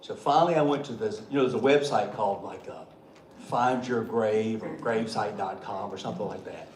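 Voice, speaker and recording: A man's voice: on the low side, brisk. Man, folksy and joking, echoey meeting room, faint hum. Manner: folksy, joking, chuckling often. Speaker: state treasurer. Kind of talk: storytelling speech at a meeting. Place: meeting hall.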